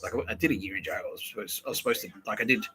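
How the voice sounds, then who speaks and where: A man's voice: on the low side, racing, over music, rough recording. A man hosting a podcast, talking in a profane, rambling way and often restarting his sentences. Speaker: podcast host. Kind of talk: casual rambling monologue.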